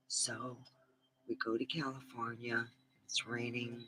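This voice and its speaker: Middle-aged lady vlogging, slow easy talk, swears a lot, laughs at herself, bright tone. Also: deep voice, a little hiss or hum, low-quality recording. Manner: rambling, frank, swears freely, laughs at own stories. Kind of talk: casual chat to camera.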